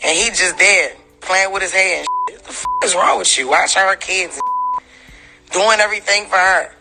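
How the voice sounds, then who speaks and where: A woman's voice: mid-range voice, gravelly, rough recording. Profane woman ranting in a leaked clip. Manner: profane, scornful, rapid ranting. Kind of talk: leaked voice recording, gossiping. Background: music.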